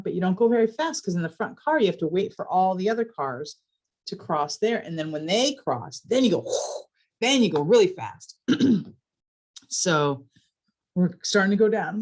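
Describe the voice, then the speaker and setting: A woman from a library telling a personal story in a casual, animated way, building suspense with repeated phrases. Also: on the low side.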